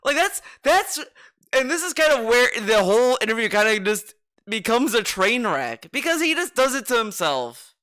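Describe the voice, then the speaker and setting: A man streaming, reacting to a clip with excited, sarcastic commentary, swearing and muttering to himself. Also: extremely high pitch, normal speed.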